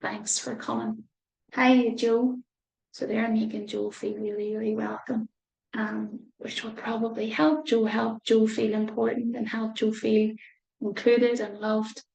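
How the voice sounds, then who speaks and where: A woman reads a storybook aloud to children, stopping gently to explain. Her voice is gravelly, fairly high and fairly flat, and she speaks slowly. The sound is echoey, as in a roomy space. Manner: gentle, pauses to explain and reflect. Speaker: children's mindset teacher. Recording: roomy echo.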